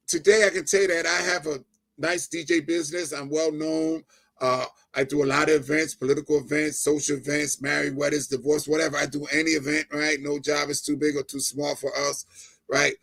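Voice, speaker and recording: A middle-aged man from New Jersey sharing an emotional personal testimony as an interview guest, animated, often laughing and raising his voice when excited. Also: fairly high pitch, vocal fry.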